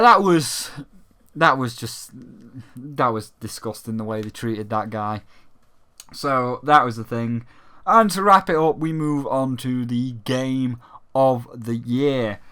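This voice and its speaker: British young guy ranting on games, bright tense delivery, crisp clean tone, swears often and mocks others. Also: mid-range voice. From Britain. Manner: sweary, animated, mocking voices. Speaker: gaming channel host. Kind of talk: casual ranting commentary.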